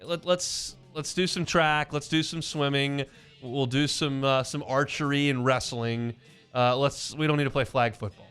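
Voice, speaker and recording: A man's voice: mid-range voice, fairly even intonation, moderate pace, a bit bright, smooth, faint music behind. A man hosting a sports talk radio show, giving casual, opinionated takes with frequent restarts. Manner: conversational, opinionated, many restarts. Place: radio studio. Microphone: studio mic.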